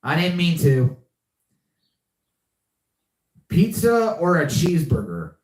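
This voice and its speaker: A man's voice: fairly high pitch, big pitch swings, moderate pace, roomy sound. A young man hosting a live podcast, chatting casually and often repeating himself. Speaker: podcast host. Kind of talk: casual live-stream chat.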